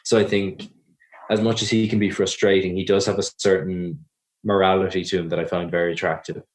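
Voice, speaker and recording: A man's voice: deep voice, little pitch movement, fairly quick. A young Irish man in his twenties, answering interview questions about his acting work in a thoughtful way, often restarting his sentences. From Ireland. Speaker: actor guest.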